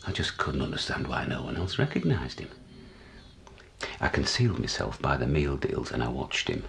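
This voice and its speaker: A deluded, paranoid older man, played by an actor, speaking low and gravelly. His delivery leaps around in pitch, confiding one moment and shouting the next in this stage monologue. Faint noise sits behind him. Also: very animated, normal speed, exaggerated voice. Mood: conspiratorial. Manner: confiding, jumpy, swings from hushed to shouting.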